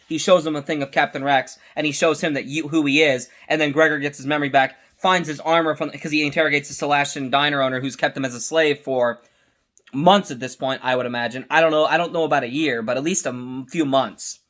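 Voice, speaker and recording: A man with a fairly high voice giving a casual fan review, talking with eager enthusiasm. He rambles and keeps restarting his sentences to fix small details. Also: quick pace. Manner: excited, rambling, with frequent self-corrections. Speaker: host.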